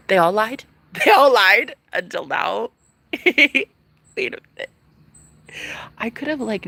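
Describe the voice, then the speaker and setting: A woman in her thirties, a vlogger, ranting casually to her viewers, animated and profane, jumping from loud outbursts to whispers. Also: mid-range voice, creaky. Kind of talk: casual rant to camera.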